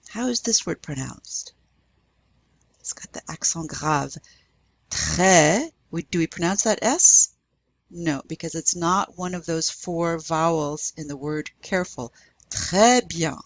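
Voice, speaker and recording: A woman professor giving a French language lesson, patiently spelling out letters and drilling pronunciation. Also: low-pitched.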